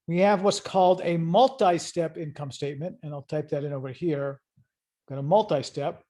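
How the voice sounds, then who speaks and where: A middle-aged man teaching an online accounting class, voice pitched somewhat high for a man. He explains step by step in an easygoing, conversational manner and keeps putting questions to his students. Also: darkish tone. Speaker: accounting instructor. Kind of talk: online lecture.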